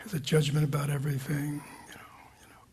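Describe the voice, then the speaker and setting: A man's voice: a little high, level tone, fast, a little hiss or hum. A man teaching meditation to a retreat group, questioning his listeners and often dropping to a whisper. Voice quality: gravelly, husky. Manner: questioning, engaging the audience with repeated "right?" and "you know"; drops into soft whispers at times. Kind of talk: dharma talk to a retreat group. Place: meditation hall with a live group.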